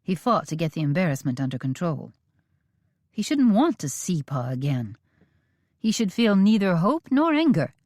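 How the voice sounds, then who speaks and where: A woman reading a western romance audiobook in measured, steady storytelling. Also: lowish voice, no room sound, clean studio sound. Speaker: audiobook narrator. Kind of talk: scripted audiobook narration.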